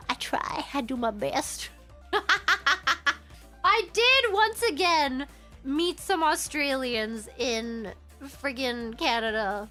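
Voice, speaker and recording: A woman's voice: sits high, slow, soft background music. A young woman streamer telling stories in a casual chat, giggling often. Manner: giggly, animated, breaks into laughter.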